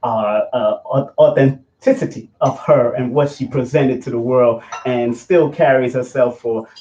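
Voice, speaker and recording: A man hosting an interview show, talking casually and repeating details slowly for listeners. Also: mid-range voice, fairly even intonation, warm tone, echoey room, a little hiss or hum. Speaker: show host. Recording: muffled lo-fi recording.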